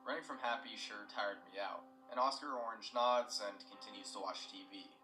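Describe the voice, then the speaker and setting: Low-voiced young man reading a story. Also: normal speed, bright, forceful tone, reverberant, far from the mic, soft background music, low-quality recording. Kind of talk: scripted narration.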